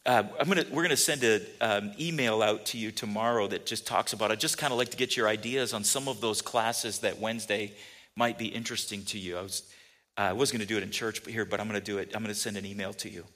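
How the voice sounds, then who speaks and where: A male pastor preaching a sermon in church, conversational and halting, repeating words and swinging between soft and emphatic. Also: fairly low pitch, fairly even intonation.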